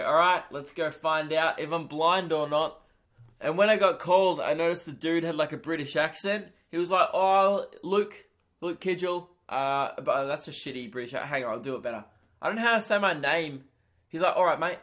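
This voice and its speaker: A young man hosting a comedy podcast, telling a crude, self-mocking story in an animated stand-up style. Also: fairly high pitch.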